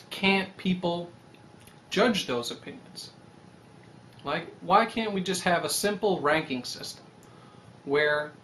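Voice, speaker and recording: Animated young man rambling casually. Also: high-pitched, a little hiss or hum. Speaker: website creator. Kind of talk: casual vlog monologue.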